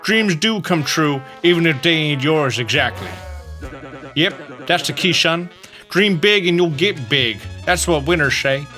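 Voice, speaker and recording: A man doing an older Texan fight promoter, drawling, folksy, bright and pushy, higher voice, soft music behind. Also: animated, a little slow. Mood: boastful.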